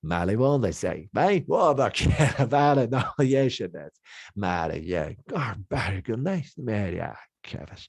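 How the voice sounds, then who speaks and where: A man's voice: on the low side, unhurried, husky, no room sound, clean studio sound, exaggerated voice. A man putting on a laid-back Aussie bloke. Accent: Australian. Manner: relaxed, slangy gibberish banter.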